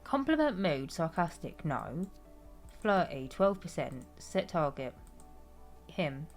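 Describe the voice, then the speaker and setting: A woman's voice: deep voice, sing-song, takes it slowly, faint music behind. A young British woman chatting casually on a game stream, reading chat aloud and answering with some swearing.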